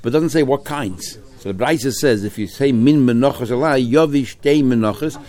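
Male Talmud teacher, lively, keeps asking the class questions. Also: mid-range voice, brisk. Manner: lively, mixes Hebrew-Aramaic terms into English, rhetorical questions.

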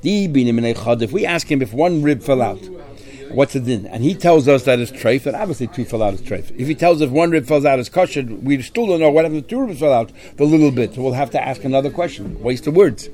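A man at a middle pitch teaches a Talmud lesson. His voice is soft and mellow, never sharp. He explains each point step by step, mixing Aramaic and Hebrew terms into his English. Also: expressive, fast. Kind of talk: Talmud study lecture.

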